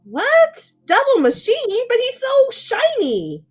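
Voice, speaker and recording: A woman's voice: very high voice, normal speed, soft background music, exaggerated voice. A woman voicing a chatty, flirty female adventurer who gushes over things. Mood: surprised. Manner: lively, gushing.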